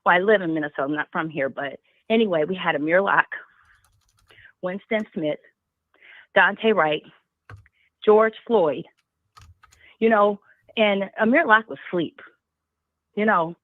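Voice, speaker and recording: A woman's voice: on the low side, measured pace, long pauses, no echo. A woman calling in to a talk show, speaking passionately and firing off rhetorical questions. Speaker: caller. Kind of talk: call-in talk. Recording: tinny phone line.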